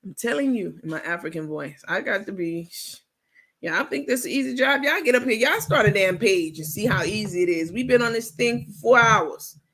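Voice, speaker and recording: Gravelly, sassy woman hosting a late-night stream. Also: mid-range voice, expressive, a bit bright. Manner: sassy, salty, quick to laugh; reads and answers viewer comments. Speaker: livestream host. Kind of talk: casual late-night livestream chat.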